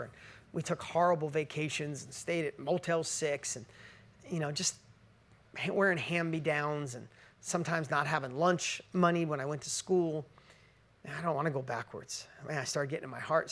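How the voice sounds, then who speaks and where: With a slightly raised, somewhat bright voice, a middle-aged man tells his audience a personal story as a motivational speaker. He speaks with feeling and sincerity, playing out each remembered conversation.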